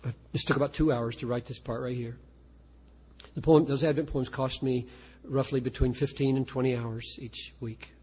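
A man's voice: mid-range voice, steady tone, moderate pace, warm tone, husky. A man, a pastor, talking earnestly and self-deprecatingly about writing poetry, often restarting his sentences. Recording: long reverb of a large hall.

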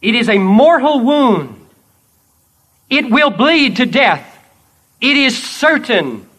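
A man voicing a sovereign king who speaks in a calm, commanding, measured way. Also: very high-pitched, pitched above the performer's own voice, exaggerated voice. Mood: assuring.

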